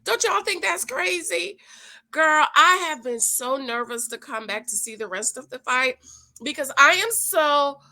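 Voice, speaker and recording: A high-pitched woman hosts her own dating-advice commentary, sassy and preachy as she calls her viewers "girl." Her voice has a bright, forward ring. She talks in a loose, casual way, as if to a friend. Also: lively intonation, a little slow.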